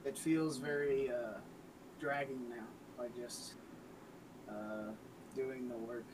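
A young man co-hosting a casual podcast, hesitant, with many pauses and trailing sentences. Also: mid-range voice, steady tone, noisy background. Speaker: podcast co-host.

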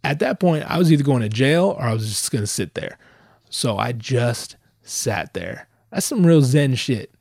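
A young man telling a profane, exasperated story in a dry close recording, with slangy talk that keeps stammering and restarting. His pitch stays mid-range as he rants animatedly. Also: expressive, normal speed, gravelly, a little mellow, no echo. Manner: stammers and restarts when worked up. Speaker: vlogger. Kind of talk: casual storytelling rant.

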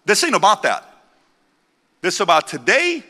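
Man, 40s, live motivational speaker, slightly high voice, forceful, repeats himself, big echoing hall. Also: wildly swooping pitch, normal speed. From born in Iran, raised in the United States. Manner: intense, preachy, repeats lines for emphasis. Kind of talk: live motivational speech to a crowd. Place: large convention center hall. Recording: long hall reverb from a large venue.

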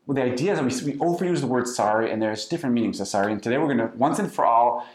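A man's voice: medium pitch, expressive, racing, echoey room. A man hosting a podcast with his wife, explaining ideas in a casual, playful way. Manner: explanatory, playful, acts out sarcastic apologies. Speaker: podcast host.

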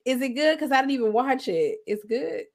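A woman in casual chat who speaks her mind bluntly and swears freely. Her voice sits a little high and moves around a lot in pitch. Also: animated, a little fast. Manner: blunt, profane commentary with laughter.

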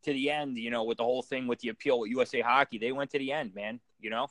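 A man's voice: mid-range voice, steady tone, quick pace, fairly bright tone, dry recording. A man telling rowdy stories in casual chat, swearing freely and laughing often. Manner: profane storyteller, laughs often.

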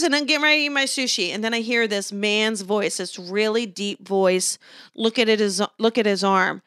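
A woman who works as a psychic medium, chatting as a podcast guest and telling animated stories, acting out the voices. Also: mid-range voice, normal speed, clean tone, dry recording, studio quality. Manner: animated storyteller, acts out voices. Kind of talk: casual podcast chat.

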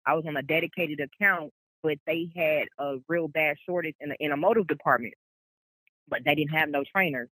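A woman's voice: low-pitched, pushed and bright, no room sound, poor audio. A woman truck driver, a guest on a casual interview, telling her story in a rambling way with many "like"s and restarts. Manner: rambling, quotes people, frequent "like"s and restarts.

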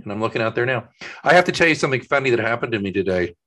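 A man co-hosting a podcast from his home office, chatting casually and telling animated anecdotes. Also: mid-range voice, very fast. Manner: animated storyteller, acts out voices in his anecdotes. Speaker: podcast co-host. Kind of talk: casual chat.

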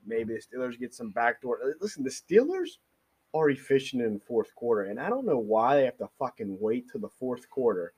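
A man with a medium-pitched voice co-hosting a casual sports podcast. He talks in an animated, opinionated way as he trades views with his co-host. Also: a little fast, breathy edge.

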